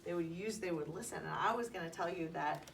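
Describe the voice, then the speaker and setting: A woman's voice: fairly low pitch, fast talker, creaky. Woman teacher talking to little kids, patient and upbeat, kinda far from the mic with faint hiss. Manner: patient, encouraging, asks questions. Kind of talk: teaching young children. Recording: distant mic, faint background noise.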